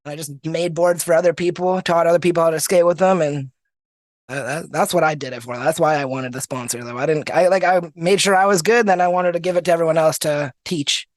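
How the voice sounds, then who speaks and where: A man's voice: fairly high pitch, fairly quick, no echo. A young man from Canada, a podcast guest telling stories casually and animatedly, laughing often. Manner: animated, laughs often, restarts mid-sentence. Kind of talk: casual storytelling.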